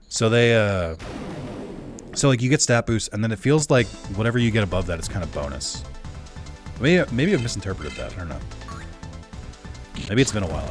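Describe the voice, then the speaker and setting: A man giving casual, rambling live-stream commentary while playing, chatting with viewers and correcting himself often. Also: on the low side. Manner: rambling, filler-heavy and self-correcting, chats with viewers.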